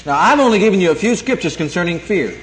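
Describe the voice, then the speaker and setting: A man's voice: high-pitched, sing-song, fast talker, slight background noise. A man preaching a sermon, quoting scripture and repeating key lines with emphasis. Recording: echoey room, 1982 tape.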